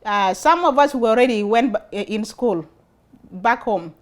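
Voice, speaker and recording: A woman's voice: a little high, animated, normal speed. A woman with an Acholi accent hosting a talk show, speaking earnestly and putting questions to her viewers. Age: adult, studied and worked before emigrating. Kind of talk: casual talk to camera.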